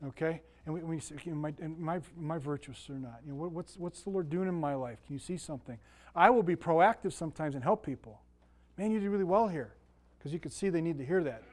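Delivering a chatty Bible lesson, a Sunday school teacher keeps things folksy, telling stories and often questioning his listeners. He's a fast talker with a fairly high pitch and a darkish tone.

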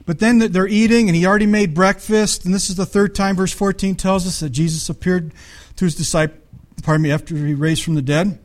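Conversational pastor preaching, higher voice. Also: male voice, fairly even intonation, fairly quick, few pauses. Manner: conversational, acts out the Bible voices, asks the audience questions. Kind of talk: sermon.

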